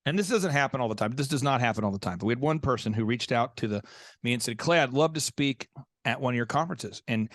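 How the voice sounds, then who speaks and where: Fast-talking podcast host. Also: male voice, medium pitch, dry recording, studio quality. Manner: acts out quoted voices, fast and energetic. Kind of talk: animated storytelling.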